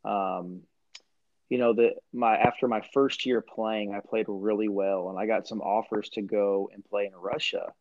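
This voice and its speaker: A man's voice: on the low side, moderate pace, no echo. Young Midwestern man with a twang, muffled. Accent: rural Midwestern US, slight country twang. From Central Illinois. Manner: animated storyteller, laughs often. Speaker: podcast guest, former basketball player. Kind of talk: casual chat. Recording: dull, muffled audio.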